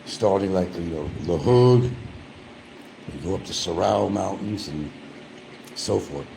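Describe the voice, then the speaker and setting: A man with a fairly low voice chats loosely to his viewers, talking with food in his mouth and drifting between small talk and complaints. Faint noise hums behind him at home. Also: takes it slowly, gravelly. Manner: rambling, eats while talking, grumbling. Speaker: vlogger. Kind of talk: casual eating vlog chat.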